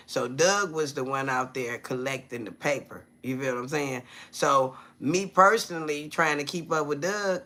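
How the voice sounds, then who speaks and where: A man chats on a phone live stream in a loose, slangy way. His voice is bright and forceful, with a pushy edge. He keeps checking in with his viewers and stops to greet them by name. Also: on the high side. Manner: chatty, keeps asking viewers "you feel me?"; loose slangy street talk. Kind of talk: casual live-stream talk.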